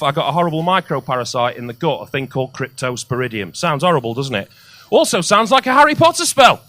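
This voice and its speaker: A male stand-up comedian telling crude stories, loud and sweary, building to shouts. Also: on the high side, slight background noise.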